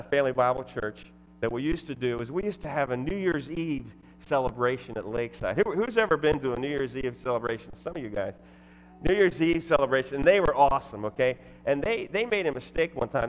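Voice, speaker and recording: A man stands before a congregation and tells stories of his years at the church in a casual, joking way. He fills gaps with "uh" and restarts his sentences. His mid-pitched voice carries through a large church with a long reverb. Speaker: former elder and guest speaker at his old church. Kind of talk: personal testimony to a congregation. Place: church sanctuary. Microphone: headset or ear mic.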